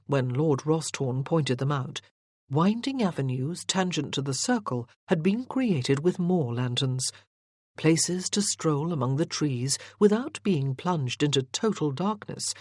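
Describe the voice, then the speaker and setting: A measured audiobook narrator reading a historical romance at an unhurried pace. The voice sits in a middle register and sounds dry and close to the mic, with no room around it. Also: medium pitch, darkish tone, dry recording.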